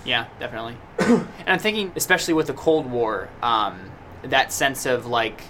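A man in a loose podcast chat, with a bright, forceful tone. He thinks out loud and circles back through his points. A faint hum of fan noise sits behind him. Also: medium pitch, animated, moderate pace. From United States. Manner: talkative, thinks aloud with many restarts. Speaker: podcast co-host. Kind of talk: casual podcast discussion. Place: small indoor room with a noisy fan.

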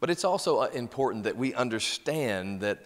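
A man's voice: medium pitch, expressive, normal speed. A male pastor preaching a sermon, reading scripture and stressing key words with emphasis. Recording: long hall reverb.

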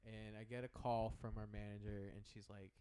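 A man's voice: lowish voice, little pitch movement, moderate pace, dark tone. A man hosting a podcast, telling rambling stories in casual chat and laughing often. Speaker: podcast host.

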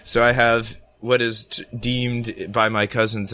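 A man hosting a podcast, hoarse from a head cold, talking in a playful, theatrical way. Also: mid-range voice, flat delivery, a little slow, sharp tone. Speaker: podcast host. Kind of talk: casual podcast chat.

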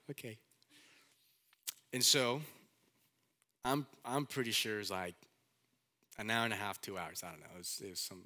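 A young man, a pastor, preaching a sermon with animated storytelling and candid asides. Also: lowish voice.

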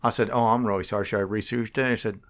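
This middle-aged man's voice is fairly low with fairly even intonation. Chatting casually in an interview about himself as a political candidate, he rambles, halts and keeps starting over.

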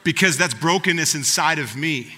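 A man's voice: fairly high pitch, normal speed, sharp tone, in a large hall. A man preaching a sermon, speaking earnestly and directly to the congregation as their pastor.

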